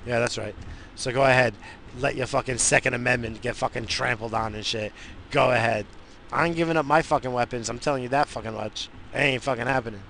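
A man's voice: medium pitch, brisk, creaky, a bit bright, slight background noise. A man from the United States hosting a show, ranting in a profane, rambling, fired-up way from inside a car. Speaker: radio show host. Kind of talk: profane casual rant.

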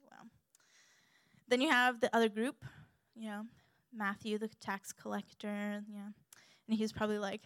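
A young woman giving a sermon in an animated, humorous way. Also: mid-range voice, normal speed, smooth, no echo. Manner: animated and humorous, acts out quoted voices.

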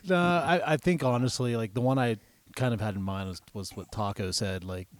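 A man's voice: mid-range voice, normal speed, no room sound. A man co-hosting a podcast, chatting in a laid-back way and laughing readily at crude jokes. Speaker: podcast co-host. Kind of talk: crude casual chat.

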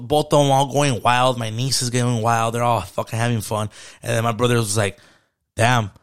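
A man's voice: mid-range voice, fairly bright tone. A man in his thirties chatting casually on a podcast, loose and slangy, dropping Spanish words into his talk. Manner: laid-back slang-heavy talk mixing in Spanish. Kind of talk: casual chat.

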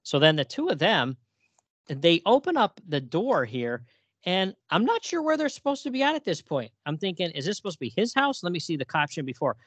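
A man casually recapping a comic story on a podcast. He laughs often and reads the characters' lines in quick put-on voices. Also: a little high, big pitch swings, fairly bright tone, no echo. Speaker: podcast co-host.

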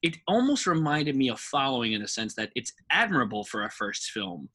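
A man's voice: mid-range voice, big pitch swings, a little fast, bright, forceful tone, slightly rough. A man co-hosting a podcast, chatting in a jokey, rambling way about ranking films. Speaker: podcast co-host. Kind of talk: casual film-ranking chat.

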